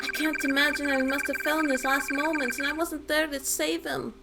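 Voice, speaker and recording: A woman's voice: high voice, steady tone, brisk, creaky, very noisy. A woman voicing a frightened young man, the grieving twin brother of a hero, in an earnest, dramatic reading of game text.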